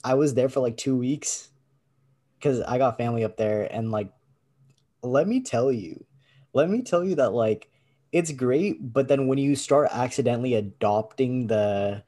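Young man, podcast co-host, casual slangy chat, mellow tone, video call. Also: mid-range voice, a little slow. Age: young adult. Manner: laid-back, slangy.

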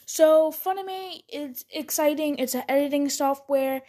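Young woman, high voice, podcast host, casual chat, scatterbrained, keeps restarting. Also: normal speed, few pauses, dark tone. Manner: chatty, scattered, self-interrupting with frequent restarts. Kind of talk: casual solo podcast bloopers. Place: at home.

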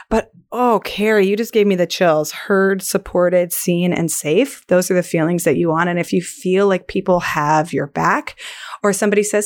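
A woman's voice: medium pitch, normal speed. A woman hosting a podcast, chatting casually and animatedly, telling stories and acting out the voices she quotes. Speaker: podcast host. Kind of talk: casual conversation.

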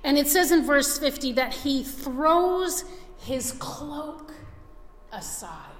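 A woman's voice: high voice, big pitch swings, takes it slowly, soft background music. A woman preaching a sermon earnestly, with frequent restarts, acting out the voices she quotes. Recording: very echoey hall, faint room ambience.

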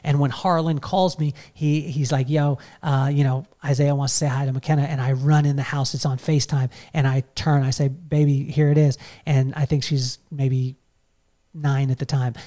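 A man's voice: medium pitch, level tone, normal speed, mellow. A middle-aged man telling a long personal story in a casual, rambling way, full of fillers and restarts. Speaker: podcast host telling a story.

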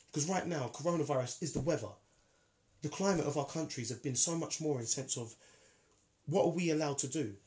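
A man's voice: on the high side, a little mellow. Emphatic man arguing his point. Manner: emphatic, argumentative, repeats himself. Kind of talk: casual debate.

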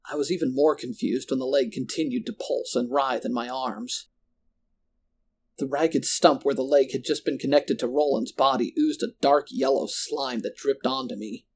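A man narrating a first-person horror story in a steady, measured way. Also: on the high side.

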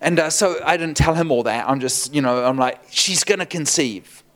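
A man's voice: medium pitch, a little fast. A man preaching as a pastor, telling a story with lots of laughter and acted-out quotes. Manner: animated, laughing often, acts out quotes. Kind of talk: storytelling sermon.

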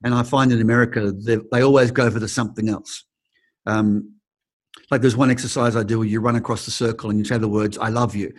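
Expressive Australian man, acting teacher. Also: mid-range voice, quick pace. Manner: expressive, acts out quoted people, frequent restarts. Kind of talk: interview answers, storytelling.

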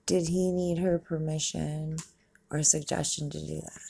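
Low, creaky woman reacting to a film. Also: little pitch movement, measured pace, warm tone. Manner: swears freely, chatty, laughs and exclaims at the screen. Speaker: movie reaction vlogger. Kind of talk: casual movie reaction commentary.

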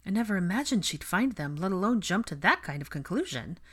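A woman's voice: medium pitch, very animated, a little fast, fairly bright tone, husky. A woman voicing an anxious, caring young woman in a storybook reading, earnest and close to tears.

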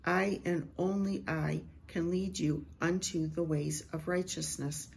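A middle-aged woman, a Christian prophetic speaker, slowly and reverently reading a prophetic word and sharing a vision. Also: lowish voice, fairly even intonation, gravelly, a little mellow, breathy edge.

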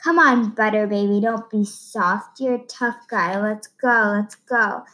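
Taunting teenage big brother, read by a woman, slow and needling. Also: mid-range voice, sharp tone. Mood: mocking. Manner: mocking, goading. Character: teasing teenage boy, taunting older brother.

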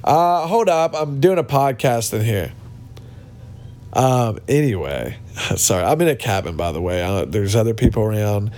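Ranting man with a lively voice. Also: lowish voice, normal speed. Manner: ranting, blunt, mocking. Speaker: podcast host. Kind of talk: casual podcast monologue. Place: cabin with other people around. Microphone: not his usual podcast mic.

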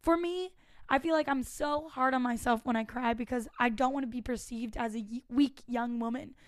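High-voiced young woman giving frank advice. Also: normal speed, dry recording, studio quality. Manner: frank and chatty, swears casually. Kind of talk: casual advice monologue.

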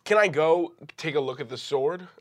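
A man playing a tabletop game who speaks hesitantly, with many pauses and uhs. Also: a little high. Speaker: player.

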